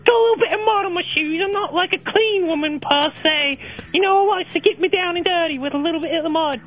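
Brief: very high, coarse British pub woman in her forties, rambling and bawdy, played by a man in falsetto. Dull lo-fi radio sound. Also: fast talker, fairly bright tone. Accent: put-on British. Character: crude middle-aged British woman, pub-goer. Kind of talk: comedic phone-in role-play.

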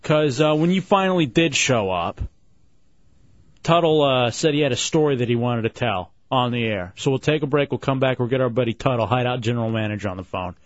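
A man's voice: mid-range voice, brisk, dry recording. A male radio host bantering and sarcastically teasing a guest on the air. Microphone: studio radio mic. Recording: dull radio broadcast.

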